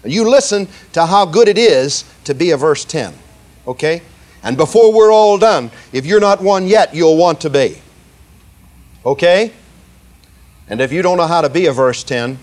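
Male preacher with a high voice, emphatic and slow on key words, checks in with the congregation. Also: expressive, a little mellow. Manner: emphatic, slows down to stress words, leads the congregation in repeating lines; asks "okay?" and "see?" often. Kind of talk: sermon.

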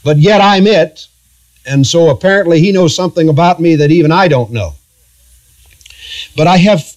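A middle-aged man pastoring a church, preaching a sermon in an earnest, halting, confessional way with frequent restarts. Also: a little high, darkish tone.

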